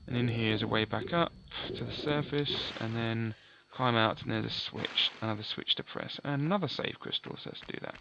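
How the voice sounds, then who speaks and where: A man's voice: mid-range voice, normal speed, vocal fry, hardly any pauses, highs cut off, background noise. A man giving chatty, offhand let's play commentary, often correcting himself. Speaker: gaming commentator.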